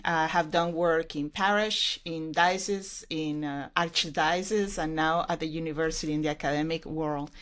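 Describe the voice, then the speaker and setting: A middle-aged woman from Colombia, speaking with a Colombian accent as a podcast guest, telling her story in an earnest, reflective way. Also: lowish voice. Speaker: ministry program director, podcast guest. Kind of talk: casual interview.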